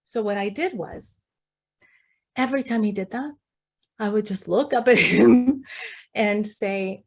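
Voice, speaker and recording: A woman with a fairly high voice runs an interactive workshop, firing questions at the room. She shifts into personal stories with animated, expressive delivery. She sounds middle-aged and at ease in front of a group. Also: a little slow, long pauses. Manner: animated, questioning the audience, storytelling. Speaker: speaker leading a leadership workshop. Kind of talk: interactive talk to an audience.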